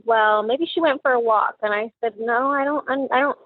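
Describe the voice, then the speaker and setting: A middle-aged mother recounting her daughter's last days, halting and restarting often as she quotes conversations. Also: on the high side, dry recording. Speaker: mother of the victim, recounting events. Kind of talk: personal recollection interview. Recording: tinny phone line, dry.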